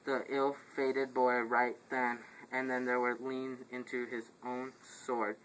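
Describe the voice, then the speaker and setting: A man plays a messenger who bears grim news, in the plain voice of an amateur reading. He stumbles over the words and restarts lines. His pitch is mid-range, and a faint ambient hiss sits under the voice. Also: little pitch movement, slow, fairly bright tone, rough recording. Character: messenger reporting deaths to the royal house. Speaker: actor in an amateur play.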